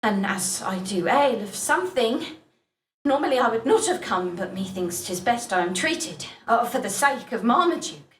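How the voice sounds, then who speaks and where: An actress playing a proud, coughing Elizabethan mother in a game, speaking in archaic, sharp-tongued phrases. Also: a little high, expressive, normal speed, roomy sound, distant mic, slight background noise, natural voice. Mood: worried.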